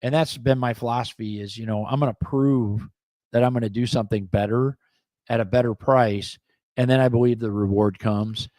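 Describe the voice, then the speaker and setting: A middle-aged man co-hosting a local talk show, speaking bluntly in animated, opinionated casual chat and acting out the people he quotes. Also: medium pitch, normal speed, dry recording. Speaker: co-host and business owner.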